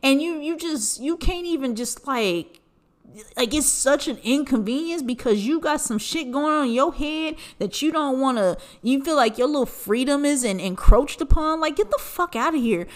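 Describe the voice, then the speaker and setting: Animated, profane woman ranting on her podcast. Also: normal speed. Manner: animated, profane, swings in pitch for emphasis. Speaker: podcast host. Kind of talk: casual solo podcast rant.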